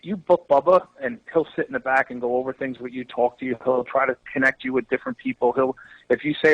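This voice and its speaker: A wrestling promoter tells stories in a casual podcast chat, an animated storyteller who swears freely. His medium-pitched voice is fast, recorded with no room sound and the highs cut off.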